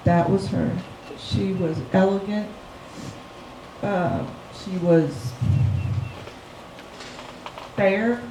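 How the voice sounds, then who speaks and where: Slow, halting voice at a memorial. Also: female voice, medium pitch. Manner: slow, heartfelt, halting with fillers. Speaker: memorial speaker sharing a memory. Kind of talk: personal memorial remembrance. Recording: echoey room with background noise.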